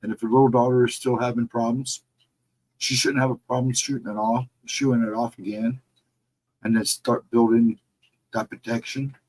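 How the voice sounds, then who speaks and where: A middle-aged man hosting a casual livestream, reading the chat and answering viewers in a relaxed, reassuring way. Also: medium pitch, moderate pace, rough recording. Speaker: livestream host.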